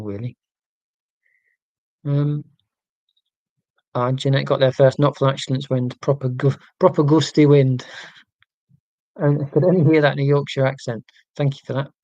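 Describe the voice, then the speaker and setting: Forties male livestream host, warm and relaxed, casual meandering chat with viewers, wry asides. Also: mid-range voice, vocal fry, no room sound. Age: 40s. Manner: rambling, wry and self-mocking, with many fillers and restarts.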